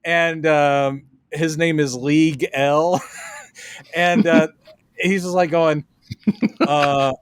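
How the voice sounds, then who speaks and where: A man hosting a casual podcast chat, opinionated and animated as he tells stories, on a close podcast mic. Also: a little high, takes it slowly, pauses often, smooth, no room sound. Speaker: podcast host.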